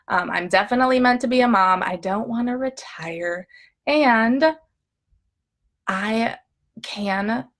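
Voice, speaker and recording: A woman's voice: on the high side, fairly bright tone. A woman coaching viewers in a live talk, upbeat and chatty, often checking in with "okay?" and acting out her own inner thoughts with drama. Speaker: emotional eating coach.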